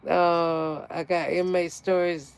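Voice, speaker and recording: Woman, gardening channel host, casual livestream chat, frequent laughter, profane, animated. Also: lowish voice, slow pace, smooth.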